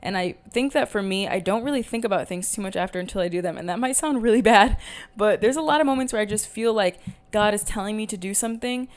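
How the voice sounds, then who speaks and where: A young woman hosts her own podcast at home, talking to camera in a candid, rambling solo chat full of fillers and casual swearing. Her medium-pitched voice moves fast with few pauses.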